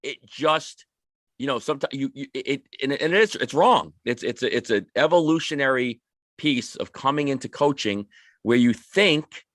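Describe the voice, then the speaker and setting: A man's voice: medium pitch, lively intonation, moderate pace, a bit bright, dry recording, clean studio sound. A man on a hockey podcast panel, talking about coaching in casual chat, rambling with many restarts and repeated words.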